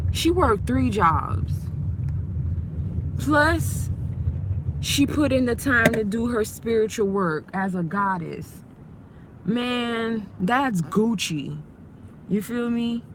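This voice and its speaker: Slow-talking slangy woman on a phone live. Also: on the high side, sharp tone. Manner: slangy, chatty, self-hyping. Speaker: live-stream host. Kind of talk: casual live video chat. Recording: noisy with vehicle sounds behind.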